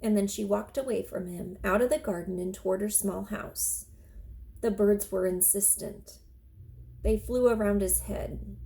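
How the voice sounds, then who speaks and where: A woman teacher reading a children's chapter book aloud in an expressive, steady storytelling manner. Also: medium pitch, gravelly, rough recording.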